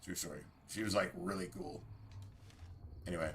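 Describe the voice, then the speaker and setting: A man's voice: deep voice, normal speed, a bit bright, slight background noise. A man chatting casually on a game livestream, rambling and swearing freely as he talks to his viewers. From United States. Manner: rambling, profane, opinionated. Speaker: game streamer.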